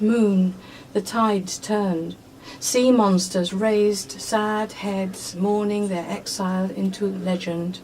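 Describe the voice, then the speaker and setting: A woman in her sixties reading a love poem slowly and tenderly on a radio show. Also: mid-range voice, darkish tone. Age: 60s. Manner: slow, tender, measured. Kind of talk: poetry reading. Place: hospital radio studio. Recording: distant mic with faint hiss.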